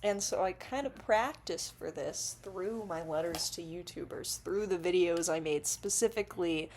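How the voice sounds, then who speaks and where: A woman's voice: fairly low pitch, moderate pace, darkish tone, a little hiss or hum. Rambling, giggly woman vlogging while intoxicated. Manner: rambling, giggly, swears freely. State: under the influence. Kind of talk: casual rambling monologue to camera.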